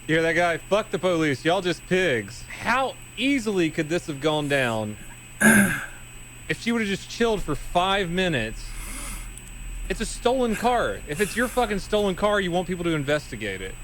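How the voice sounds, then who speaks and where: A man with a slightly high, very lively voice comments casually on a video. He is blunt and sarcastic, with a faint hiss of noise behind him. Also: moderate pace. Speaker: co-host reacting to police footage.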